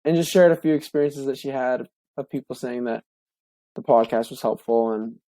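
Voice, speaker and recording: Soft-spoken young man telling a personal story. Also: mid-range voice, no room sound. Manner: halting, many fillers and restarts, heartfelt. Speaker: podcast co-host. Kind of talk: personal story, casual monologue.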